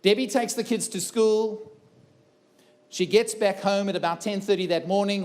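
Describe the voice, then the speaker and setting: A middle-aged man with a fairly high voice speaks from a conference stage. He tells a personal story in an earnest way, repeats key phrases and puts questions to the crowd. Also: steady tone, moderate pace, a little mellow. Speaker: keynote speaker. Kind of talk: personal story told to a live audience. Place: conference room before a live audience.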